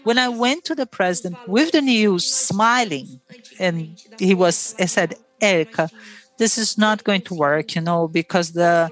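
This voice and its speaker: A Brazilian woman, a Portuguese native speaker, telling her own story with feeling and acting out the dialogue as a former player. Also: mid-range voice. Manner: emotional storytelling with quoted dialogue. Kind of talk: recounted personal story.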